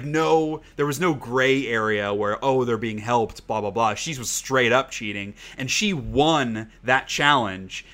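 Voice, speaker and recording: In a bright, forceful, mid-range voice, this man rambles through casual chat as a podcast co-host. Swearing comes easily to him, and "like" fills his speech.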